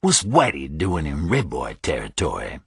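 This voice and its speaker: A man voicing a huge, menacing male prison gang bully in an audiobook, talking in a low, quiet, taunting drawl. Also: huge pitch swings, moderate pace, creaky, breathy edge, dry recording, studio quality, exaggerated voice. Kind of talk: audiobook character voice.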